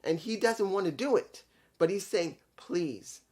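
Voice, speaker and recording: A man reviewing a wrestling event in casual talk, animated and retelling scenes with his own restarts. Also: high voice, normal speed. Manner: animated, acts out quotes, restarts. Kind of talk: casual recap and opinion talk.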